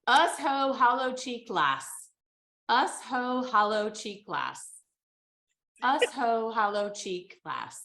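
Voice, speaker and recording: A woman's voice: a little high, expressive, slow pace, a bit bright. A woman playing a word-guessing game, sounding out phrases aloud and laughing at herself in casual chat. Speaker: game player reading puzzles.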